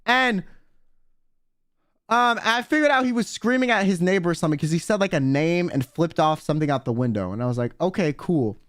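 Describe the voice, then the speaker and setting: Give me a young man with a high voice casually telling a story, full of fillers and swearing, dry sound. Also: expressive, quick pace, few pauses, no room sound. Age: young adult. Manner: rambling, profane, lots of "like" and "um". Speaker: streamer.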